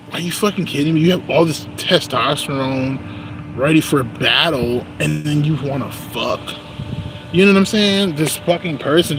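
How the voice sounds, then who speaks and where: Male vlogger, loose profane ramble with constant "you know" tags, walking outdoors, traffic noise underneath. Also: mid-range voice. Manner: rambling, heavy swearing, frequent "you know what I'm saying". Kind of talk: casual unscripted monologue.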